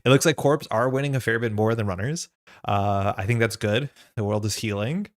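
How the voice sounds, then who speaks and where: A man's voice: lowish voice, fairly quick. A young man hosting a live stream, out of breath and chatty, greeting viewers in the chat by name. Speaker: streamer and host.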